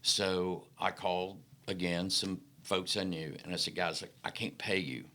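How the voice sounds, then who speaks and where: Man, middle-aged, deep voice with a bright edge, folksy anecdotes for an interview guest spot. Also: a little slow. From Mississippi Delta, American South. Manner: folksy, animated anecdotes with acted-out quotes. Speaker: podcast guest. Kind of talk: casual storytelling interview.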